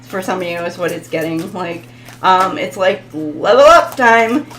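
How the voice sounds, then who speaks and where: A woman's voice: on the low side, a little slow, a bit bright, poor audio. A woman hosting a casual live tarot reading, chatting with viewers, laughing often and stumbling over foreign words. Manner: talks to viewers in the chat.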